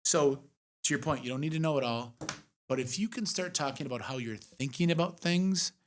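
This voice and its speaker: A male investor co-hosting a casual podcast. He talks frankly and animatedly, swearing freely, and his voice sits a little higher than typical for a man. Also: brisk, a little hiss or hum. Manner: frank, profane, animated storytelling. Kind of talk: casual chat.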